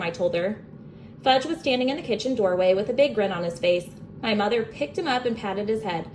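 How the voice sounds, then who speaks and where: A young adult woman reading a children's book aloud as a bedtime story, expressive and animated. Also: mid-range voice, normal speed, slight background noise.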